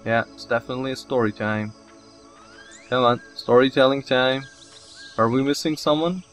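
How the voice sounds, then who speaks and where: An excitable man narrates his gameplay in a casual let's-play style, with a mid-range voice. He scolds and cheers the characters on screen and curses mildly. He laughs often at his own slips. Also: medium pitch. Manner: excitable, talks to the game characters, mild swearing, laughs at himself.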